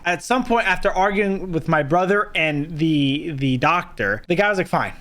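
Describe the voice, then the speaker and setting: A man's voice: high-pitched, normal speed, hardly any pauses. A young man telling a story in a casual vlog, swearing often and acting out what the other people said. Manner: profane, animated, acts out others in the story.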